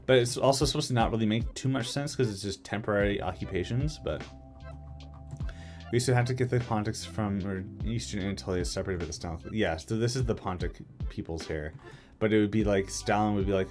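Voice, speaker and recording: A man's voice: on the low side, brisk, a little mellow, soft background music. A man talking casually on a live stream, thinking aloud with many fillers and restarts. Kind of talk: casual live-stream chat about a map mod.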